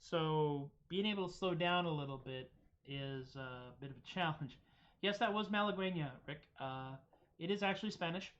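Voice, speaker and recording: A man with a fairly high voice hosts a live-streamed music show at a moderate pace, chatting casually and poking fun at himself as he rambles loosely between songs. He's on a streaming setup microphone, and the stream audio sounds dull and lo-fi, with a loud acoustic guitar playing.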